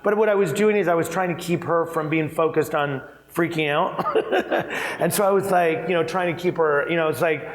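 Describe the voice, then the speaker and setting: A man with a fairly high voice talks as an on-stage keynote guest. He tells his stories chattily and with animation, circling back with fillers and laughing along the way. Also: moderate pace, rough recording. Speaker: keynote speaker, interior designer. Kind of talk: conversational storytelling on stage.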